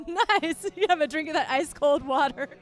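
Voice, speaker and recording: Woman, podcast co-host, bubbly, teasing, high voice, faint music behind. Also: moderate pace. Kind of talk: casual bar podcast chat with ad reads. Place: bar.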